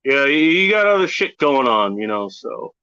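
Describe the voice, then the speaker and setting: A man's voice: mid-range voice, sing-song, normal speed, bright, forceful tone, clean tone. A man hosting a casual livestream, rambling and profane as he talks with a caller and his chat. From Pacific Northwest of the US. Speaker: livestream host. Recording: dull lo-fi stream audio.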